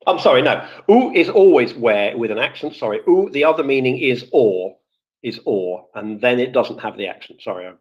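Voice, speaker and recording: A guest speaker who used to do office IT support wanders animatedly through his points in a live online audio room, self-correcting and filling pauses often. His voice is mid-range and ordinary in pitch. Picked up by a computer or phone mic, it streams dull and lo-fi.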